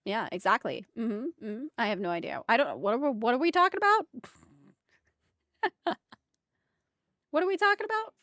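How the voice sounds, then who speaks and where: A woman's voice: a little high, very animated, moderate pace, long pauses, fairly bright tone, no room sound, clean studio sound. A woman streamer chatting casually with her viewers while drawing emotes, giggling often and calling out exclamations. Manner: giggly and exclamatory, talks to chat.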